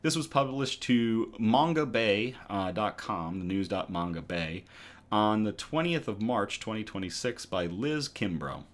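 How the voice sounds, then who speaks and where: A man with a somewhat low voice hosts a casual online news show. He reads articles aloud in a conversational tone, with frequent ums and quick self-corrections along the way. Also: lively intonation. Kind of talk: casual news reading for a live chat.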